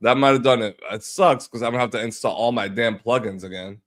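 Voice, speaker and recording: A video editor streaming live talks quickly in a slightly bright, mid-range voice. He chats casually while working, muttering to himself and tossing out offhand swears, and pollen has left him sounding a bit stuffy and sick.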